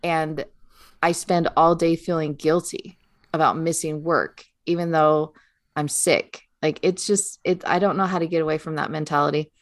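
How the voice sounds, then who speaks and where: A middle-aged American woman chatting casually, thinking out loud. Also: sits low, fairly even intonation, moderate pace, dry recording. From United States. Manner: reflective, talks through her thoughts. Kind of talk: casual chat.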